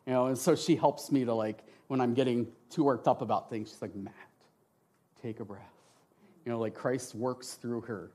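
Middle-aged man, church testimony speaker, passionate, expressive, emotional. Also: mid-range voice, a little fast, few pauses. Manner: passionate and expressive, often asks "right?". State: tearful at times. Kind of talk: emotional testimony talk with slides.

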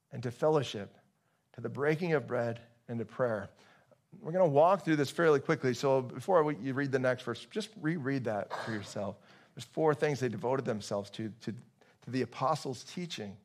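A male pastor preaching a casual, joking sermon to his congregation, with many restarts. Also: mid-range voice.

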